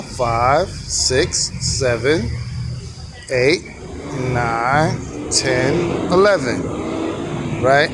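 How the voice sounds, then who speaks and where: A man's voice: on the high side, noisy background. A man teaching on camera in a casual, easygoing, informal way. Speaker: calligraphy teacher.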